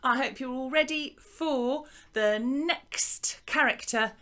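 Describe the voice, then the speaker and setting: An English woman teaching a bright, encouraging music lesson to young children from a small hut, speaking into a desk microphone. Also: high voice, takes it slowly. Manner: bright, encouraging, sing-song teacher talk. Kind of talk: lively online children's lesson. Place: small garden hut classroom. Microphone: desk microphone by laptop.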